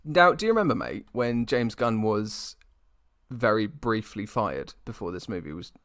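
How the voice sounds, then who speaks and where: A man from the UK co-hosting a podcast in casual chat, animated, swearing and teasing. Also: lowish voice, normal speed, no room sound, clean studio sound. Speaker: podcast co-host.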